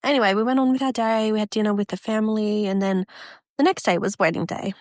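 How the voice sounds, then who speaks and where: A woman's voice: medium pitch, steady tone, fast, darkish tone, no echo, clean studio sound. A young woman telling a story casually on a podcast, swearing freely and acting out what people said. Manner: swears freely, acts out quotes in other voices. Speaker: podcast co-host.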